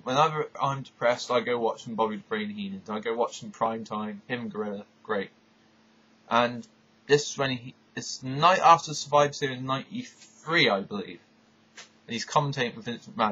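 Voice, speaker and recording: A husky-voiced man rambles eagerly through a casual countdown, often cutting himself off mid-thought. His voice sits in a middling pitch. The recording sounds dull and lo-fi, like a cheap home setup. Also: sharp tone. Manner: rambling, enthusiastic, self-interrupting. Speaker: vlogger.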